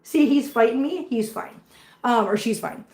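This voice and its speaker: A woman with a fairly high voice talks to her kittens in gentle, cooing baby talk, then turns to chat casually with her viewers. She is in a reverberant room at home. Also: animated, moderate pace. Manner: coos baby talk to kittens between chatty asides to viewers. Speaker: cat channel vlogger.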